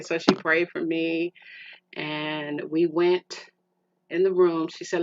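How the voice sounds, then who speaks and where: A woman's voice: sits low, steady tone, unhurried, sharp tone. A middle-aged woman hosting a podcast, telling a personal story in an emotional, rambling way with many restarts, and calling the listener "girl". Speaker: podcast host. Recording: muffled lo-fi with faint hiss.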